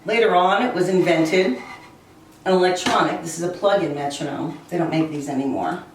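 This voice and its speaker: A woman teaching a music lesson beside a piano, explaining slowly and counting beats aloud. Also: on the low side, recorded from a distance, noisy background. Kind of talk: recorded classroom lesson. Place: room with a piano. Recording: very echoey room, voice away from mic.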